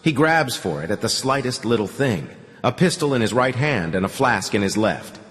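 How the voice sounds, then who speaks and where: A weary young woman speaks bluntly and bitterly in short, plain sentences, read by a male narrator. Her pitch rises and falls in a lively way. A long reverb trails after each line of this audiobook dialogue. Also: moderate pace.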